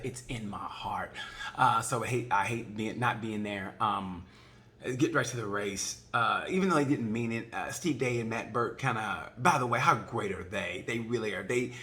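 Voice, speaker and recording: A man's voice: on the low side, bright, forceful tone. Rambling, jokey man recapping races. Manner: rambling, jokey, acts out quick voices. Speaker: motorcycle racing video reviewer. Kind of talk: casual animated recap.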